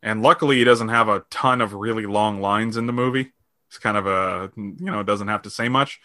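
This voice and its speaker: A man's voice: fairly low pitch, fairly quick, bright, forceful tone, no room sound, studio quality. A man in casual conversation, giving laid-back, opinionated takes on movies.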